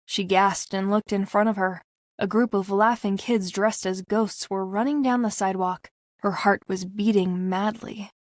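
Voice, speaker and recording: A woman's voice: mid-range voice, fairly even intonation, normal speed, no echo. Woman narrating an audiobook, dry close sound. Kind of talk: scripted narration.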